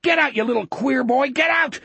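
A furious middle-aged driver screams and rants in panicked denial, as a man acts him out in a storybook reading. The voice jumps far above the reader's own into shrill, loud yelling. The delivery is raw and frantic. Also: a little fast, gravelly, slightly rough, dry recording, exaggerated voice. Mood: screaming rage.

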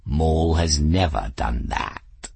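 A proud talking cat who thinks himself without flaw, as a male reader puts him on. His voice is deep, slow and husky, and each word sounds self-satisfied. It is recorded dry and close for a storybook. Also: expressive, a little mellow, no echo, exaggerated voice. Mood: smug. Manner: slow, smug, lordly.

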